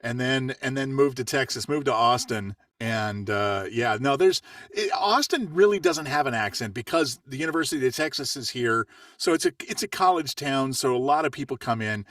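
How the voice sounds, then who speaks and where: A man from Los Angeles, a voiceover coach telling stories in a relaxed, easygoing chat. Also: medium pitch, moderate pace, dry recording, studio quality, distant mic. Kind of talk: casual chat.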